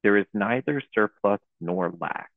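A young man leading a Buddhist dharma talk, speaking in a halting, searching way with many restarts. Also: lowish voice, vocal fry, no room sound. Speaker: teacher leading a Zen talk. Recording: tinny phone-like audio.

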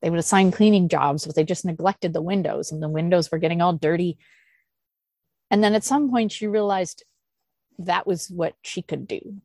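A woman leading a meditation group discussion, thinking aloud with soft sighs and laughs. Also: lowish voice, normal speed, no echo. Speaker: Zen teacher leading a discussion. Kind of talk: unscripted dharma talk and Q&A.

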